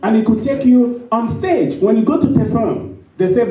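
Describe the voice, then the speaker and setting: A man giving a humorous storytelling talk at a conference, acting out quoted dialogue in an animated way. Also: sits high, a little fast, few pauses. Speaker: conference speaker. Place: conference hall. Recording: roomy hall from a distant mic.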